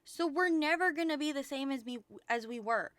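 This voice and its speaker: A woman's voice: high-pitched, brisk, fairly bright tone, no room sound. Profane venting young woman streamer. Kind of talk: casual chat stream.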